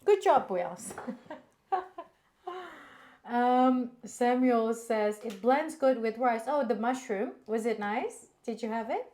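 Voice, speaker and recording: A woman's voice: fairly high pitch, takes it slowly, a little mellow. A woman co-hosting a live cooking stream, chatting casually, giggling and reading viewer comments aloud.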